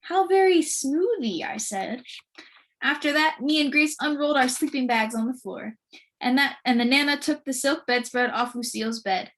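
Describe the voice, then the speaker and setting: A woman reading a children's book aloud with lively, expressive storytelling. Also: sits high, moderate pace, slight background noise. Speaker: storybook reader.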